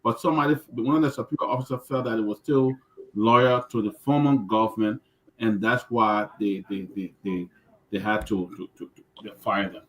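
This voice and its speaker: A man's voice: lowish voice, steady tone, moderate pace, poor audio. A man on a TV debate panel, cutting in to clarify and stumbling over repeated words.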